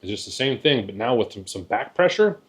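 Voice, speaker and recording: A goose calling instructor teaches hunters in casual, folksy talk, repeating words and checking in with "right?". His voice is medium-pitched, very animated and a little fast.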